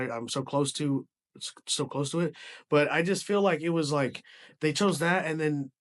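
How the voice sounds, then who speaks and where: A man giving a casual movie review, rambling with frequent restarts and casual swearing. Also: fairly high pitch.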